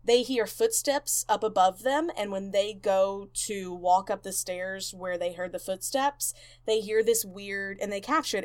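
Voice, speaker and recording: A woman's voice: medium pitch, unhurried. Chatty woman retelling a ghost story. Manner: animated retelling, acts out quotes, many fillers. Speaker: podcast co-host. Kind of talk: casual storytelling chat.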